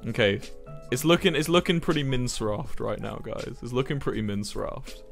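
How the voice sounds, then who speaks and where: A young man chats loosely with his stream audience from a home setup, swearing freely and often restarting his sentences. His voice sits at an ordinary middle pitch. Soft music plays faintly in the background. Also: expressive, fairly quick, gravelly. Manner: laid-back, swears freely, rambling with restarts. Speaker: livestreamer. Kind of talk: casual chat with viewers while gaming.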